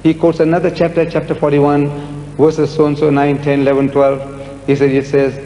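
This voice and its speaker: A man's voice: fairly high pitch, monotone, moderate pace, dark tone, faint music behind. A man giving a public lecture and answering audience questions, speaking emphatically and repeating words for effect. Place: large lecture hall with audience. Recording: echoey hall with long reverb, faint noise.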